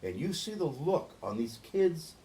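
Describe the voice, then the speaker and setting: A man's voice: on the high side, sing-song, a little slow, dark tone. A middle-aged man from New England, a guest in an interview, telling a long story earnestly and with feeling, often restarting his sentences. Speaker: interview guest, boatyard volunteer organizer.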